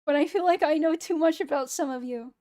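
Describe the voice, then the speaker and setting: Hoarse young woman streaming, kinda high voice but super flat and monotone, low energy. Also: a little fast. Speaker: VTuber streamer. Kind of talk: casual late-night stream chat.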